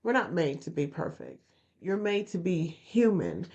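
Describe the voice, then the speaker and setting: A woman's voice: on the low side, big pitch swings, unhurried, darkish tone. Earnest woman, repeating her points. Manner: earnest, repeats phrases for emphasis. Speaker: podcast host. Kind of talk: motivational podcast talk. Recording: dull lo-fi recording.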